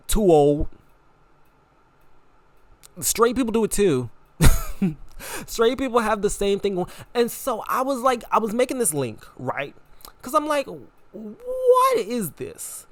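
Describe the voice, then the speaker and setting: A young man hosting a podcast, talking in a casual, animated, repetitive way with frequent laughter. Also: a little high, no room sound. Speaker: podcast host. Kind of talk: casual opinion monologue.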